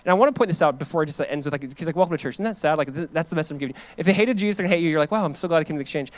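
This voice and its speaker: Emphatic pastor, higher male voice. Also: rapid-fire, no echo. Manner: earnest, emphatic preaching with casual asides. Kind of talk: sermon.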